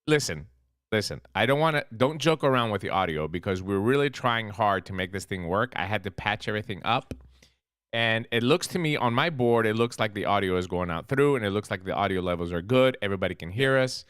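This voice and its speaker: A man with a Greek accent co-hosting a casual live stream, his pitch jumping around a lot as he jokes. His voice is smooth and clear, and it sounds dry and close to the mic. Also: a little fast, dry recording. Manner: animated, jokey, fussing over the audio. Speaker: co-host.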